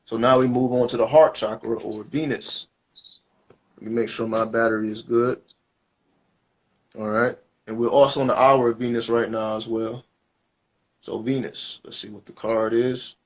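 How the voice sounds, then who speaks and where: Man, mid-pitched, casual spiritual reader, rambling slangy delivery, dull lo-fi recording. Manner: loose, rambling, slangy explanations. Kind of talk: casual spoken reading.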